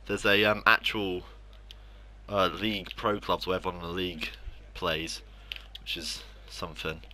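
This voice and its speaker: A man's voice: deep voice, little pitch movement, moderate pace, pushed and bright, slight background noise. A young man commenting on his own football video game matches, mocking himself and ranting about losing. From England. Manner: frustrated, self-mocking ranting. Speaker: gaming YouTuber. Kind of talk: live gameplay commentary.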